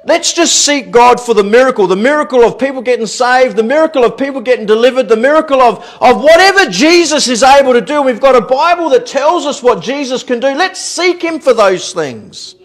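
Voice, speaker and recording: A man preaching a sermon as pastor in a church, animated, repeating words and laughing at his own stories. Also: extremely high pitch, brisk, hardly any pauses. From Australia.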